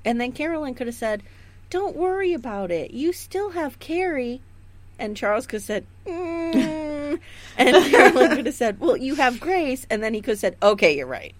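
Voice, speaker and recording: Lively, profane woman podcast host. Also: high voice, moderate pace. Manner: animated, profane, mocking. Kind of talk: casual rewatch podcast chat.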